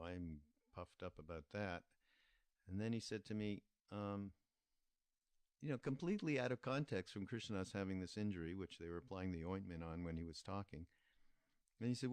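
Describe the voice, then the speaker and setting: An older man hosting a podcast, recalling a story in an unhurried, reflective way and pausing often with fillers. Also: on the low side, a little mellow, smooth, no echo. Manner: unhurried, halting with many fillers. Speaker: podcast host.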